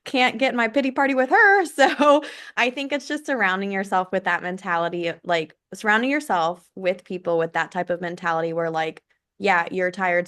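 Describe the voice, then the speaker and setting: Chatty woman with a lower voice. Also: a bit bright. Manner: chatty, storytelling, laughs often. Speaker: guest, web business owner. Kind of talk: casual podcast interview.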